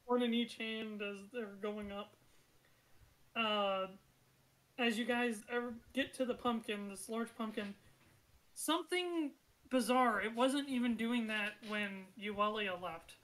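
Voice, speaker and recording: A woman running a tabletop game as game master, narrating in a relaxed, chatty way. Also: fairly high pitch, slow, poor audio.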